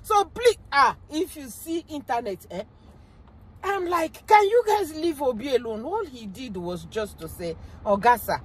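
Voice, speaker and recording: Young Nigerian woman, bright high register, excitable driving vlogger, casual exclamatory commentary. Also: a little slow. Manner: chatty and exclaiming, drops into pidgin. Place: inside a car while driving.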